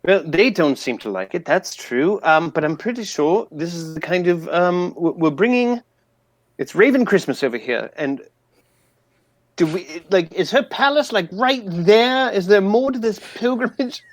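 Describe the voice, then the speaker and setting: A man playing a tabletop game, excitable and blunt, swearing freely as he talks. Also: high voice, unhurried, dry recording. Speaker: player. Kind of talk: casual tabletop play.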